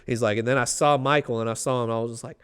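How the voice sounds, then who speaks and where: Man, comedian guest, young adult, rambling storyteller, smooth clear voice, middle pitch. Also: fairly even intonation, rapid-fire. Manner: rambling storyteller, acts out voices with lots of fillers. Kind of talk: casual interview chat.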